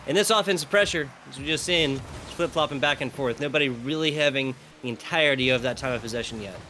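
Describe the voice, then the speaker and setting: A man's voice: mid-range voice, fast talker, bright, forceful tone, a little hiss or hum. An American man casting a live esports match, joking and rambling with lots of fillers. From United States. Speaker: esports caster. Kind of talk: live esports play-by-play and banter.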